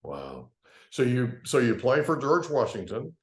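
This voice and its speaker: A male podcast host keeps his guest talking with quick affirmations and prompting questions, his intonation rising and falling in a lively way. The recording picks up a noticeably echoey room around him. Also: mid-range voice. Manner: encouraging, frequent short affirmations. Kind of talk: casual interview.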